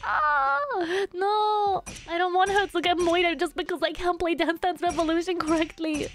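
A woman's voice: very high voice, fairly even intonation, moderate pace, hardly any pauses, fairly bright tone, soft background music. A young woman streaming a game, chatting playfully with her viewers and humming little tunes between lines. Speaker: VTuber streamer. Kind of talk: casual gameplay commentary.

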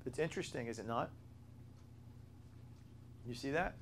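A man's voice: medium pitch, expressive, moderate pace, a little hiss or hum. A man teaching a Bible study. He talks earnestly, repeats his key points and spells out words as he explains them.

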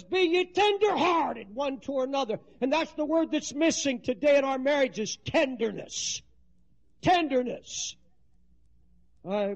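A man preaching a passionate sermon, swinging between hushed pleading and shouting, from a 1970s recording. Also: very high voice. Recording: dull lo-fi 1970s sermon tape.

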